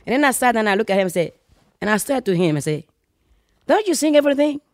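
Animated storyteller woman, wide pitch swings. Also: racing, no echo, clean studio sound. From Congo. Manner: animated, laughing, acts out voices in anecdotes. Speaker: guest. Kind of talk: casual storytelling.

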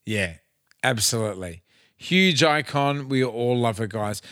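A man's voice: medium pitch, animated, unhurried, a bit bright, no echo, studio quality. Upbeat Australian man, tipsy. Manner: loose, chatty, upbeat plugs. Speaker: podcast co-host. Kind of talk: casual podcast chat.

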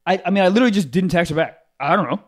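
A young man talks casually on his podcast, his fairly high voice leaping around in pitch. He tells stories with animation, often jumping much higher to act out what others said. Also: rapid-fire. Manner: animated, swoops high when quoting people. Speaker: podcast host. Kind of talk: casual chat.

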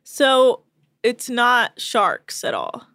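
A woman hosting a podcast, recapping a show in a chatty, rapid storytelling way with plenty of fillers, close to the mic. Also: fairly high pitch, huge pitch swings, a bit bright, no room sound. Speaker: podcast host.

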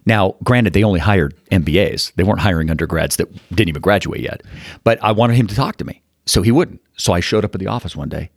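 A man in his fifties from Utah, telling animated stories as a guest in an interview and acting out the people in them. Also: deep voice, fast talker, vocal fry, slightly rough, no echo, clean studio sound. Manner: animated, acts out quotes in the story. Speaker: guest, fund manager. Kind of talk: storytelling interview.

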